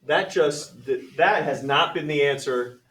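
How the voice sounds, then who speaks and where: A man teaches a math class in a slightly high, fairly bright voice, talking a little slowly, conversational and upbeat as he calls on students by name. He's a little away from the mic, recorded from a distance, with classroom echo and a little hiss or hum.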